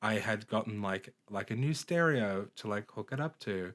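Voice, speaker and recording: A man's voice: lowish voice, expressive, normal speed, a bit bright. A young man co-hosting a podcast in casual chat, full of "um" and sometimes singing snatches of songs. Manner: chatty, lots of "um", breaks into bits of song. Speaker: podcast co-host.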